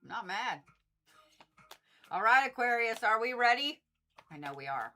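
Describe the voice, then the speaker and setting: A woman doing a casual livestream card reading, blunt and animated, swearing freely and repeating herself for emphasis. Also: on the high side, a little slow, faint music behind. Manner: animated, exasperated asides. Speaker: Reiki and zodiac card reader.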